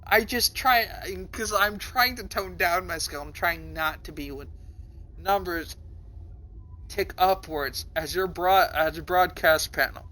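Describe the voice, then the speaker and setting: A young male streamer with a bright, forceful voice reads a story aloud on stream and stops often to react. He swears freely, and he breaks into high, panicked cries when the story gets wild. His voice sits a little above the usual male range. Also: a little slow.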